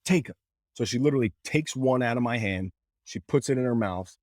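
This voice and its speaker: A man's voice: medium pitch, brisk, no room sound, clean studio sound. A man telling an emotional personal story as a podcast guest, earnest, with many fillers and restarts. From Canada. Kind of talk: candid storytelling.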